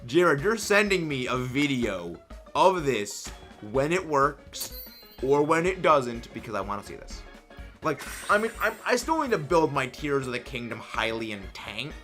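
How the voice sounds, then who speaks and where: A young man hosting a livestream, chatting casually and reading chat messages in an excitable, rambling way. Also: mid-range voice, measured pace, soft background music. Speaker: livestream host.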